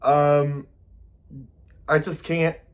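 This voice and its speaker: Chatty, expressive man with a higher voice. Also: drawn-out words. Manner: chatty and expressive, with playful emphasis. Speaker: music reaction host. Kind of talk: casual reaction commentary.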